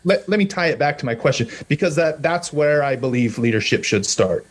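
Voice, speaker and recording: A man hosting a casual podcast chat, setting up questions in a halting, rephrasing way. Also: a little high, animated. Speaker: podcast host. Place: virtual coffee shop call.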